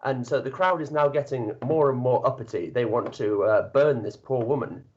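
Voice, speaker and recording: A man's voice: mid-range voice, moderate pace, muffled recording, a little hiss or hum. A man narrating a tabletop game as dungeon master, describing scenes with lots of hesitations. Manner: lively, animated narration with hesitations.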